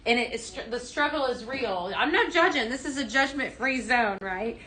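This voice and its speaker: The host of a live home-fragrance sales show talks at normal speed in a slightly high, animated voice with a bright, forceful tone. In this casual product demo stream she chats with viewers and reads their comments, bubbling with enthusiasm and full of "um"s, fillers, and restarts.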